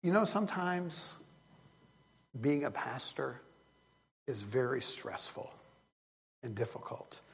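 A man's voice: medium pitch, animated, slow, creaky, pauses often, big-room sound. An older man preaching a sermon as a pastor, earnest and rambling, often restarting his sentences. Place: church sanctuary.

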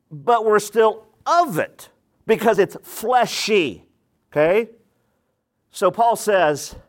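A pastor preaches a sermon in a high voice, animated as he poses rhetorical questions to the congregation and acts out the voices he quotes.

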